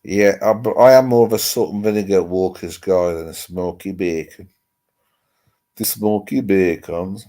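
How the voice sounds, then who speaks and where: A man's voice: low-pitched, fairly even intonation, normal speed, hardly any pauses, mellow. A man hosting a casual livestream chat, rambling and chatty with mild swearing, talking into a laptop mic at home. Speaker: livestream host. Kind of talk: casual chat with live viewers. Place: home, seated with laptop on lap. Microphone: laptop microphone.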